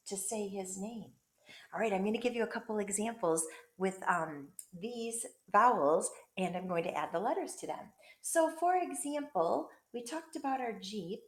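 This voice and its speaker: A woman teacher giving a remote lesson to young children, encouraging and narrating as she writes and draws. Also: medium pitch. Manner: encouraging, talks while drawing and pointing. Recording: echoey room.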